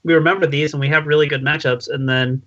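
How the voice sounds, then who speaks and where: A man with a fairly high, bright voice rambles through casual podcast chat. He jokes and pokes fun at himself. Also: steady tone, quick pace, highs cut off. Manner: self-deprecating, rambling, jokey. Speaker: podcast guest.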